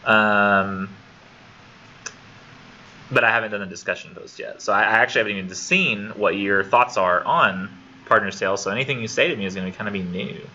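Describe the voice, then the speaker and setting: A man's voice: lowish voice, brisk, pushed and bright, highs cut off, a little hiss or hum. A man teaching a college literature class in a casual, rambling, self-deprecating way, in a classroom on a camera mic. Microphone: classroom computer camera for remote students.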